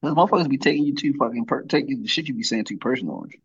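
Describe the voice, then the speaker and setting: A man's voice: mid-range voice, very fast, slightly rough. A young man co-hosting a podcast in casual chat, teasing and profane, laughing often and acting out quotes. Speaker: podcast co-host. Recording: slightly dull, muffled audio.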